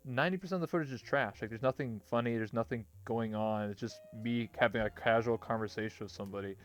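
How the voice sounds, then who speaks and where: A man's voice: medium pitch, quick pace. A young man hosting a casual interview show, loose and swearing, acting out quotes as he talks. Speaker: talk show host.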